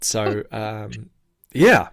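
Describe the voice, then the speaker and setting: A man's voice: lowish voice, big pitch swings, extremely slow, a bit bright. A man with a New Zealand accent, a guest actor chatting casually on a video call, rambling politely and correcting himself as he goes. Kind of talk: casual interview chat.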